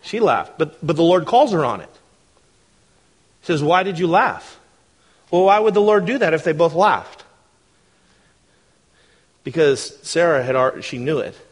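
A man preaching a sermon in a conversational, animated way, often asking the congregation questions. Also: on the high side, measured pace, pauses often. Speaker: pastor.

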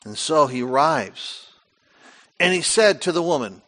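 A male pastor preaching a sermon, retelling scripture with animated, dramatic storytelling and frequent rhetorical questions. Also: fairly high pitch, measured pace.

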